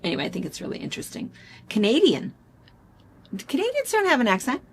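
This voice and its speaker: Gravelly-voiced chatty middle-aged woman. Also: fairly high pitch, huge pitch swings, quick pace, slight background noise. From United States. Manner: rambling, chatty, with frequent fillers. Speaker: show host. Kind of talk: casual chat.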